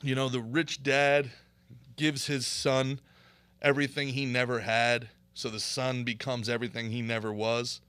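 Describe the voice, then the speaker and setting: A man hosting a podcast, talking casually in an animated, opinionated way. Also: mid-range voice, normal speed, clean tone, dry recording. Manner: animated, opinionated ranting with laughs. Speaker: podcast host and comedian.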